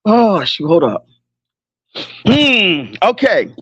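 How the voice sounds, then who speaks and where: A man's voice: high voice, extremely slow, breathy edge, no room sound, lo-fi sound. A man hosting a casual livestream, talking in slangy, rambling bursts, swearing freely and breaking off to laugh and regroup. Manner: animated, laughing, keeps stopping himself to regroup. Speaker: livestream host.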